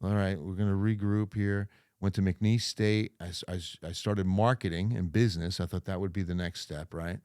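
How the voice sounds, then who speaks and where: A man's voice: sits low, moderate pace, clear, resonant tone, dry recording, studio quality. A middle-aged man from New Jersey, a TV meteorologist and guest, telling stories in a casual podcast chat and acting out the people he quotes, with a neutral accent. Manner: lively storyteller, acts out quoted people.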